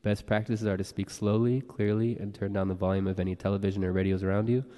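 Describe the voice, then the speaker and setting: A man working as a board clerk, calling the roll and reading meeting announcements in a brisk, procedural way. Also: on the low side, flat delivery, dark tone. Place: large legislative chamber. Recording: reverberant council chamber.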